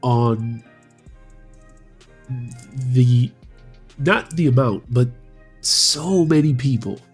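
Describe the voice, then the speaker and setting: Man, husky voice, halting, casual podcast talk, faint music. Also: mid-range voice. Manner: halting, posing a question slowly. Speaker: podcast co-host.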